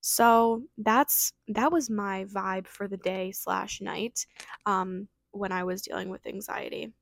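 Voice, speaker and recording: Young woman, solo podcast host; fast, filler-heavy casual chat; dry close mic, mid pitch. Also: steady tone, creaky, no room sound. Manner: fast, chatty, lots of fillers.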